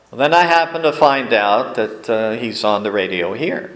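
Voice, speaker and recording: A male pastor giving a sermon, telling folksy stories with deliberate pauses. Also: mid-range voice, expressive, a bit bright, roomy sound, poor audio. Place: church sanctuary.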